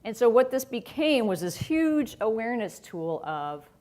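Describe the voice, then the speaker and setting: A middle-aged woman giving a conversational conference talk on a stage microphone, chatty and quick to laugh. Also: a little high, big pitch swings, a little mellow. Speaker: conference speaker. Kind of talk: conference presentation.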